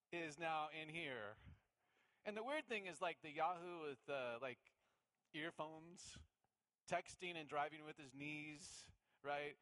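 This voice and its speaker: Bright-voiced storytelling pastor. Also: male voice, fairly high pitch. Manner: storytelling, animated, acts out voices with sudden loud bursts. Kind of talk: sermon.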